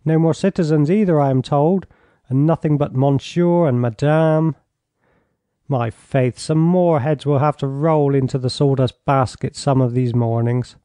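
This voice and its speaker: A man reading an audiobook, voicing a coarse, drunken older baron with a gruff, blustering manner. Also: fairly high pitch, measured pace, dark tone, no echo, lightly acted.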